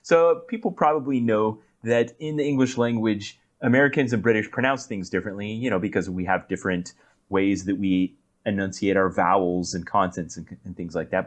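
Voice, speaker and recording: A man co-hosting a podcast in casual chat. He explains things in a relaxed way and trails off low at the ends of his sentences. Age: adult. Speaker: podcast co-host.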